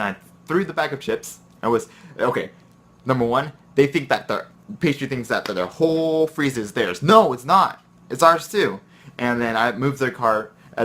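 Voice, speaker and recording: Male chef vlogger, medium-pitched voice, casual and rambling storytelling, ends on a pep talk. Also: fairly bright tone. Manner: chatty, rambling, gives pep-talk advice. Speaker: chef and vlog host. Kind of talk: casual storytelling and advice vlog.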